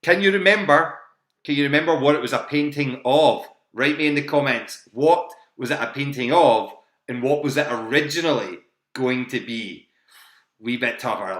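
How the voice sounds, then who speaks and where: Man, quiz host, bright tense voice, repeats questions, laughs a lot, echoey home room. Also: mid-range voice. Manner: chatty, repeats questions and options, laughs often. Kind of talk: live-streamed pub quiz hosting.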